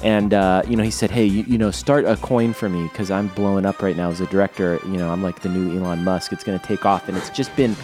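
A man's voice: sits low, fairly even intonation, fast, hardly any pauses, a little mellow, faint music behind. A man co-hosting a comedy podcast, rambling in mock exasperation. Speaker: podcast co-host. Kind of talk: comedic improvised podcast banter.

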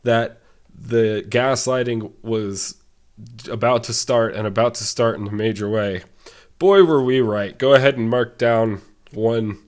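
A man's voice: medium pitch, a little slow, darkish tone. A man co-hosting a podcast, sick and congested, who rants with sarcastic exaggeration. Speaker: podcast co-host. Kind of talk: casual ranting chat.

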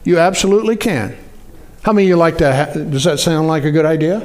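A man preaching a sermon in a conversational way, often asking the congregation to respond. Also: fast talker. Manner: animated, jumps up in pitch for acted-out quotes. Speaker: pastor.

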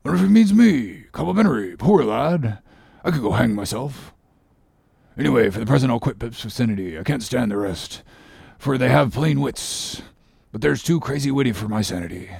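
An excitable sailor mate, played by a man keeps up a gossipy, exclamatory commentary. His voice is gravelly with a husky edge, at an ordinary male pitch. The sound is dry and close, as in a studio audiobook. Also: normal speed, no room sound, exaggerated voice. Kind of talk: audiobook character reading.

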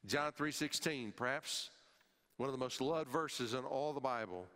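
A male pastor preaching a sermon, emphatic, his voice rising and falling sharply and dropping low at the ends of phrases, sometimes repeating words as he restarts. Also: normal speed, fairly bright tone. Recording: long hall reverb.

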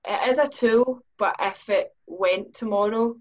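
A woman's voice: a little high, unhurried, highs cut off. A woman, a business owner, speaking earnestly as a podcast guest and acting out her own inner questions in livelier voices. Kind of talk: podcast conversation.

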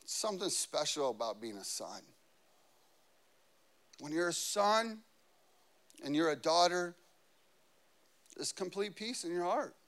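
A man's voice: on the high side, animated, slow, long pauses, a bit bright. A man preaching a sermon, telling personal stories and rising to fervent, passionate delivery. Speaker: pastor. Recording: music playing behind. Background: worship band instruments.

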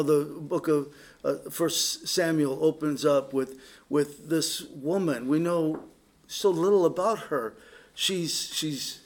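Earnest man preaching a casual sermon. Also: on the high side. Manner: earnest, with frequent restarts and direct asides to listeners. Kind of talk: conversational sermon.

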